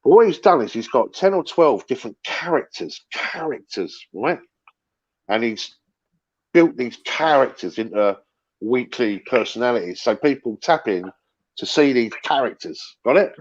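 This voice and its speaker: A middle-aged man holds forth in casual fan-show chat, circling back and repeating himself, with the odd swear word. His mid-pitched voice arrives slightly dull over online call audio. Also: expressive, normal speed. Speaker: football fan panelist.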